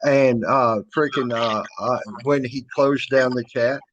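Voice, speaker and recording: A man's voice: mid-range voice, steady tone, takes it slowly, fairly bright tone, lo-fi sound, slight background noise. A man in casual chat, speaking bluntly and combatively, with profanity. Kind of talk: casual live-stream chat.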